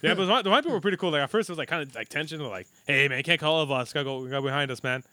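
A fast-talking man with a slightly raised voice, swearing freely and rambling through stories while acting out the quotes. He sounds close and dry, as if speaking straight into the mic. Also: on the high side, bright, forceful tone, dry recording. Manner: profane, rambling storyteller, acts out quotes. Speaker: podcast co-host. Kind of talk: casual chat.

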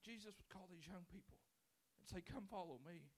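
A male pastor preaching a sermon in church, swinging from loud pleading to quiet, intimate talk. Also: sits high, moderate pace. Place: church sanctuary.

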